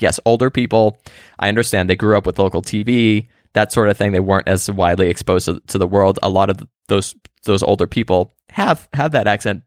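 Podcast cohost guy, low voice, muses and trips over his words, dry close sound. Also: dry recording. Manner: musing, halting, stumbling restarts. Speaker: podcast co-host. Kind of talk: casual chat.

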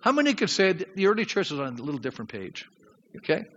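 A man preaching a sermon as pastor, lively and questioning his congregation. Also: high-pitched, fast. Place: church sanctuary. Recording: dull sound with long hall reverb.

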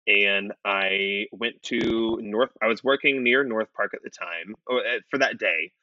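A man telling a story in casual podcast chat, animated and profane. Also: on the low side, dry recording, muffled recording. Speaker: podcast guest.

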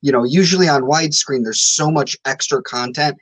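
A man's voice: mid-range voice, fairly quick, no echo, rough recording. A man co-hosting a podcast, giving blunt, opinionated takes in casual chat. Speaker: podcast co-host.

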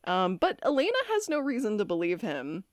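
A woman's voice: mid-range voice, huge pitch swings, brisk, dry recording, clean studio sound. A woman co-hosting a podcast, recapping a TV episode in casual chat, swearing freely and gushing as a fan. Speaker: podcast co-host.

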